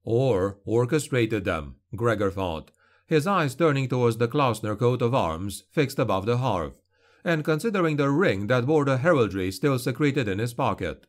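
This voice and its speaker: A man reading a dark fantasy novel aloud in measured, dramatic narration. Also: mid-range voice, expressive. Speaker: audiobook narrator.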